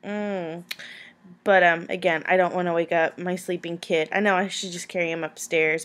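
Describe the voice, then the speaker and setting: A woman's voice: fairly low pitch, steady tone, normal speed. A young woman, chatting casually to camera at home late at night, tired and rambling with lots of fillers. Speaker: vlogger answering viewer questions.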